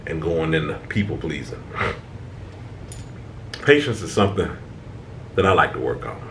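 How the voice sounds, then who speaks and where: A man's voice: on the low side, a bit bright, a little hiss or hum. A man hosting a self-help talk, speaking conversationally and preachily, with frequent restarts and "right?" checks. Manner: informal American speech, stammering restarts. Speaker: channel host.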